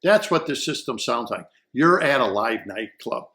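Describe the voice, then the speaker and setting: This casual audio equipment review comes from a man whose mid-range voice is bright, forceful and sing-song at normal speed. He rambles eagerly, repeating himself as he gropes for words.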